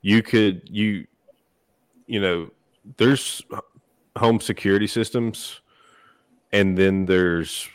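Man, very low voice, dry close sound, friendly, casual podcast chat. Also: fairly even intonation, slow, pauses often, clean tone, no echo. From Appalachia. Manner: friendly, calls others buddy. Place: podcast studio.

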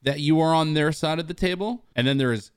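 A man on a podcast sharing a relaxed, reflective closing thought. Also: a little high, fairly quick, clear, resonant tone, no echo, clean studio sound. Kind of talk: podcast discussion.

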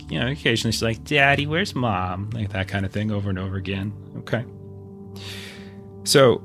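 A man's voice: fairly low pitch, a bit bright. A man narrating as game master of a tabletop game, loose and repeating words.

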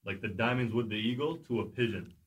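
A man slowly musing through a casual explanation. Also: on the low side, husky.

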